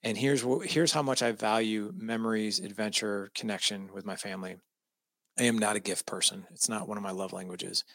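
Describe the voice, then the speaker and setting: Low, gravelly male guest, bright and emphatic, moved as he tells a family story; dry close sound. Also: fairly even intonation, a little fast, no room sound. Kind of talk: personal storytelling.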